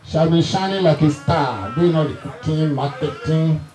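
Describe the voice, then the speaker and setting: A man's voice: fairly high pitch, normal speed, darkish tone, slight background noise, low-quality recording. A middle-aged man with a Nigerian accent, telling funny family stories at a reunion and teasing his listeners. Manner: chuckling storyteller, teasing the audience. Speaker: family member speaking at a reunion. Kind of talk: humorous anecdotal speech.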